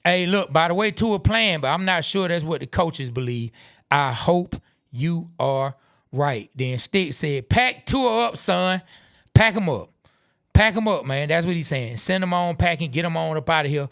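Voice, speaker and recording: A laid-back man co-hosting a live stream, reading viewer comments aloud and riffing on them. His voice sits a little high for a man and sounds close and dry. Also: normal speed, vocal fry, fairly bright tone, clean tone, no echo. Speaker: podcast co-host.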